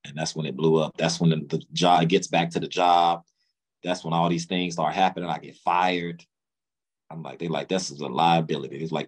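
Low-voiced man telling his story. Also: slightly rough, rough recording. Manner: casual, drawling, acts out past dialogue. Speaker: interview guest. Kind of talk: candid storytelling.

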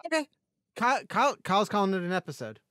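A man's voice: high-pitched, sing-song, fast, bright, forceful tone, no room sound, clean studio sound. A man co-hosting a casual sports podcast over a call, joking and rambling with many restarts. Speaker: podcast co-host. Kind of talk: casual chat.

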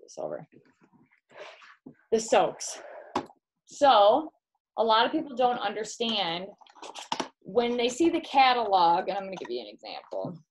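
This medium-pitched woman, speaking with a Midwestern American accent, swings her pitch widely, talks a little slowly and pauses often. There's some hiss or hum on the low-quality recording as the direct sales consultant casually demos products at home and calls the listener "girl."

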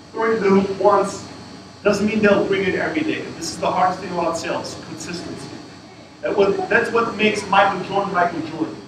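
A man with a high voice gives a blunt, sweary talk to an event crowd. He is heard from far off in a very echoey room. Loud noise runs under his voice the whole time. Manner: blunt, profane, emphatic storytelling. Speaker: startup founder speaking at a fireside chat. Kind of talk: casual talk to an audience.

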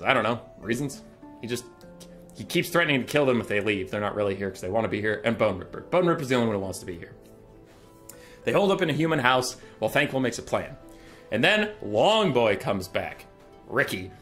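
A man's voice: mid-range voice, sing-song, a little fast, fairly bright tone, faint music behind. A young man recapping game lore in an irreverent, sarcastic, comedic way. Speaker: video creator.

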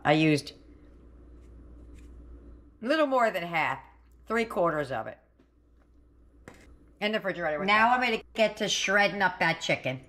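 She's a middle-aged woman filming a cooking video in her own kitchen, chatting and thinking aloud as she goes. Her voice is mid-range with a fairly bright tone.

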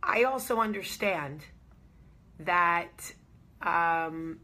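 Woman, host, casual talk, husky voice, emphatic, repeats phrases, earnest and reassuring. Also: on the low side, expressive, extremely slow, bright, forceful tone.

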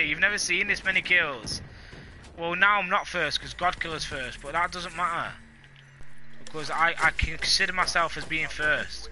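A man live-streaming a game, bragging and joking at a fast clip. His voice sits a touch high and comes out sharp and strained, with a faint hiss of noise underneath. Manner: boastful, hyped, jokey trash talk. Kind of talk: live gaming stream banter.

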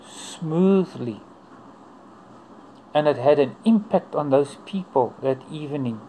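A man telling a personal faith testimony in an earnest, unhurried way, in short broken phrases. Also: a little high, darkish tone, slight background noise, low-quality recording. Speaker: churchgoer giving testimony.

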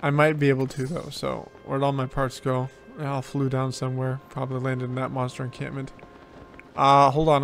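A man at an ordinary pitch talks his way through a video game in relaxed commentary. He thinks aloud and often repeats the same phrase as he plays. Soft game music sits faintly behind him. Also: fairly quick. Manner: thinks aloud, repeats himself while playing. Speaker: let's play host. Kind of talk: casual gameplay commentary.

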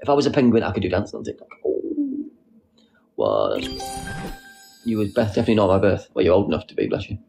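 A young man hosting a casual live stream, reading out comments with a playful, silly manner and sudden squeaky jokes. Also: huge pitch swings, very fast, creaky, mellow, soft background music. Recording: faint background noise.

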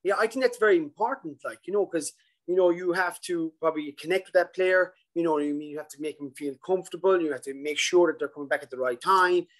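A man presenting a coaching webinar over a video call, animated and acting out a worried coach's thoughts. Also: on the high side, fast talker, rough recording. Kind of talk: casual webinar talk.

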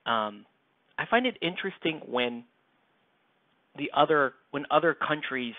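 On a live stream, an American man paints a miniature and chats casually with viewers, rambling and joking as he goes. His voice sits on the high side, animated and a little slow. The close, dry mic gives a tinny, lo-fi sound with no room echo.

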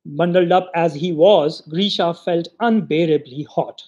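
Male literary reader, high register, expressive storyteller. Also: measured pace, few pauses. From Pakistan. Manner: expressive storytelling, voices the quoted lines. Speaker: reader of short stories. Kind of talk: literary reading.

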